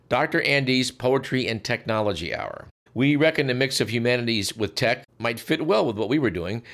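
A male radio host reads a scripted account in a dry, formal manner with wry asides. His voice sits at a middle pitch. The delivery stays measured throughout. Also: a bit bright. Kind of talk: scripted narration.

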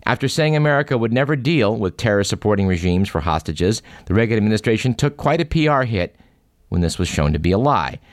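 A man's voice: fairly low pitch, very animated, brisk, no echo. A man hosting a radio show, reading jokes and satire aloud in a dry storytelling delivery.

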